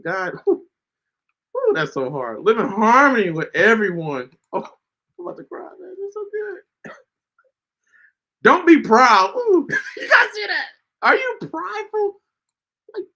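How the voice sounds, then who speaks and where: An online Bible teacher with a high voice gives informal devotional preaching from scripture. He fires off rhetorical questions, punctuated by bursts of shouting.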